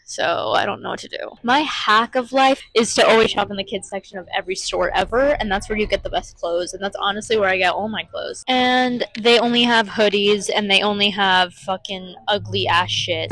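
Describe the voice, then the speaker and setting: A woman's voice: medium pitch, fairly bright tone, poor audio. A woman vlogging in a casual, chatty way, swearing freely and using plenty of filler words. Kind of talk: casual vlog chat.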